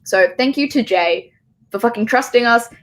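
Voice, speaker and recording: A woman's voice: a little high, expressive, moderate pace. A woman hosting a casual livestream, emotional and choked up, rambling and swearing with bursts of laughter.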